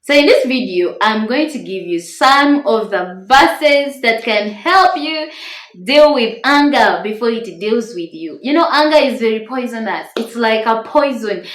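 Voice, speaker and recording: Soft-voiced woman, lively and earnest. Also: fairly high pitch, measured pace, echoey room. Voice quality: tender, small voice. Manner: earnest, encouraging, stresses words. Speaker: Christian marriage-tips YouTuber. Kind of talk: devotional talk to camera.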